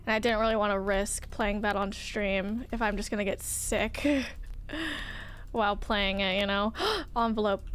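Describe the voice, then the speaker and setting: A young woman streaming a game, chatting casually and softly with her viewers in a gushing, sing-song way. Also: medium pitch, flat delivery, a little slow, clean tone. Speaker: livestreamer. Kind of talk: casual chat with viewers while gaming.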